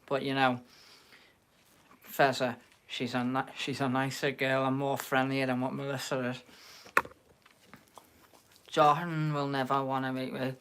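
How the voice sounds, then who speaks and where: Liverpool-accented male stream host, mid-pitched, casual and chatty with viewers, faint background noise. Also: level tone, a little slow, long pauses, a bit bright. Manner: chatty, banters with viewers in the chat. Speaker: livestream host. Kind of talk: casual live-stream chat.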